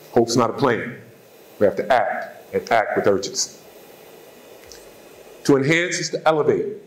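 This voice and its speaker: A university president giving a formal address, speaking in measured, emphatic phrases with lists and repetition, from a podium mic in a large hall. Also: male voice, medium pitch. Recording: echoey hall.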